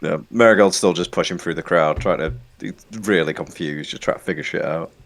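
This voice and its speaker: A man playing a tabletop game, making dry, wry remarks. His voice is very low and sounds a bit off-mic. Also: fairly quick, creaky. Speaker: player.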